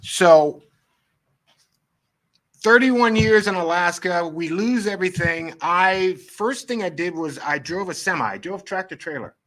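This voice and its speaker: Animated storytelling man, middle-aged. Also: high voice, measured pace. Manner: animated, acts out quoted dialogue. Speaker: photographer guest. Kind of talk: storytelling interview.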